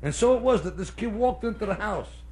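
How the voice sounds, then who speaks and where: A male stand-up comedian with a Brooklyn accent, telling jokes live on a club stage and slipping into quick character voices. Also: sits high, expressive, darkish tone. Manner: brash storyteller doing quick character voices. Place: hotel nightclub stage. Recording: live club recording with faint noise. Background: audience laughter.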